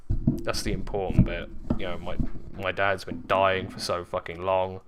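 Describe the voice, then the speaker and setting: A man, candidly telling a personal story in a vlog, halting with fillers and swearing often. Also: low voice, little pitch movement, background noise. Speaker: vlogger.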